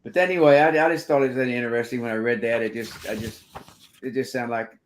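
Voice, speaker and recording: A man's voice: mid-range voice, steady tone, quick pace, slight background noise. A man hosting a casual talk show, reading points aloud and commenting on them. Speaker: host.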